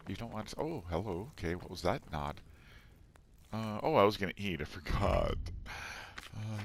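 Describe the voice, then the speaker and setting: Slow-talking, playful middle-aged man. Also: on the low side, fairly bright tone. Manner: rambling, self-amused, talks to viewers. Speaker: let's play host. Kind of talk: casual gameplay commentary.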